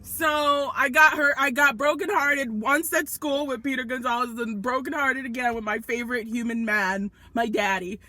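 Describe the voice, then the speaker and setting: A woman of about thirty from Nigeria, speaking with an American accent, co-hosting a comedy podcast and telling a story with animated, self-mocking energy. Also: high voice, moderate pace, few pauses. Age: around 30. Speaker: podcast co-host. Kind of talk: comedic casual chat.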